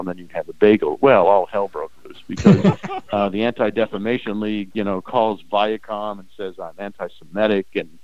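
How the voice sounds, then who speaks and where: An older man and former game show host, telling animated anecdotes in a casual interview, often acting out quoted voices. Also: lowish voice, dry recording, muffled recording.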